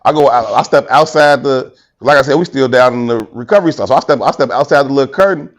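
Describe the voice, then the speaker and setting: A man's voice: medium pitch, fast. A tired man co-hosting a podcast, telling a story in casual chat and acting out quotes. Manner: animated, acts out quotes, laughs often. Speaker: podcast co-host.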